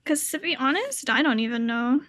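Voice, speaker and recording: A woman's voice: high-pitched, animated, moderate pace, a bit bright. A woman live streamer chatting casually and swearing loosely while playing a game, with a sore throat and a cough drop in her mouth.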